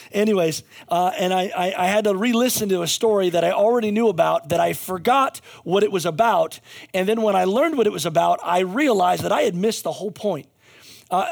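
A man preaching in a loose, conversational way, his voice pitched high with a gravelly edge. He tells a story animatedly, throws in jokes, and often restarts his sentences. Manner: animated storyteller, jokey asides, frequent restarts. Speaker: pastor. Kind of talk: conversational sermon.

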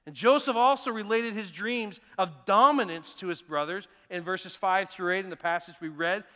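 A middle-aged man preaching a sermon as pastor, telling personal stories earnestly, moving between emphatic lines and hushed ones. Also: high voice, moderate pace. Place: church sanctuary. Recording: long church reverb.

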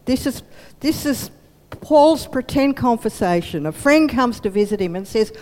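A woman's voice: fairly high pitch, normal speed. Woman preaching in an echoey hall. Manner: animated, storytelling. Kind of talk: storytelling sermon. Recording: long hall reverb.

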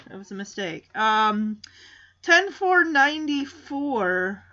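A woman's voice: medium pitch, sharp tone, highs cut off. A woman in her forties chatting casually as she recaps a sitcom episode, rambling into personal asides.

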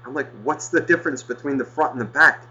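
A man's voice: medium pitch, quick pace, sharp tone, muffled recording. A man telling a rambling story in casual chat, swearing constantly as he goes.

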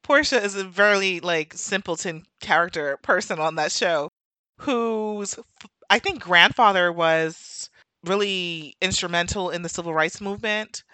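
A woman's voice: lowish voice, unhurried, bright, forceful tone, dry recording. A woman with a New York accent hosting a podcast, talking animatedly in a casual monologue, going off on tangents and laughing often. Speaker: podcast host.

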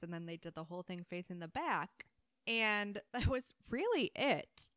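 A woman co-hosting a casual talk show, telling stories in an animated way and laughing often. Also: lowish voice, a little fast, smooth, dry recording, studio quality. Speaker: podcast co-host. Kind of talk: casual chat.

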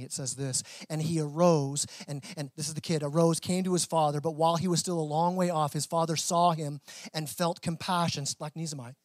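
A man's voice: fairly high pitch, no echo. A man pastor preaching a sermon in a conversational way, with small restarts.

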